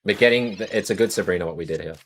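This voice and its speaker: In this card-game livestream, a young Australian talks very fast in a low-pitched voice, with a little hiss or hum in the audio. He chats casually with viewers and thinks through his moves aloud.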